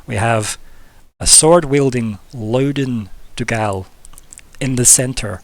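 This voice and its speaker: Man, game master, casual rambling narration, lots of ums, middle pitch, dry close sound. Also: slow pace, no room sound. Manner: casual and rambling, with many fillers.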